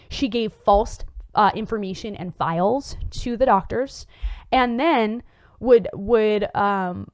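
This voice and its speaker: A woman's voice: medium pitch, darkish tone, no room sound. A woman hosting a psychology show, explaining in an earnest, casual way with many fillers and restarts.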